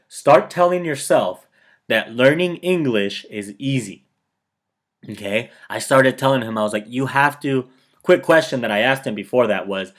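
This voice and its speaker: A man talking casually to the camera, giving motivational advice and telling personal stories, often checking in with his viewers. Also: medium pitch. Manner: conversational, keeps checking in with "okay?"; chatty storyteller who quotes himself and others. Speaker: motivational video host.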